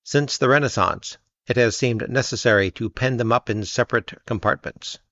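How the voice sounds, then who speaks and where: A man reading an essay aloud in a measured, even narration. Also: medium pitch, vocal fry, no room sound. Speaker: reader. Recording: dull lo-fi dry recording.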